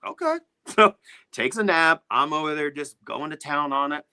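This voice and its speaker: A middle-aged man, a music producer, telling studio stories as a guest with lively, swearing energy, acting out the people he quotes. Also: fairly high pitch, normal speed, clear, resonant tone, dry recording. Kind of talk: animated storytelling in a podcast interview.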